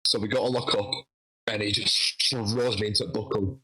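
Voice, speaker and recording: A man telling a lively story in a casual interview, acting out what people said. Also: on the low side, moderate pace, husky, poor audio. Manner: animated, acts out quoted dialogue. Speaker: guest wrestler.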